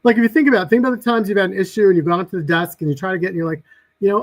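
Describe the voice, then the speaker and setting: On a laid-back podcast, a male guest races through work anecdotes, animatedly playing each character and their back-and-forth lines. His voice sits high and he talks very fast. The recording is low in quality.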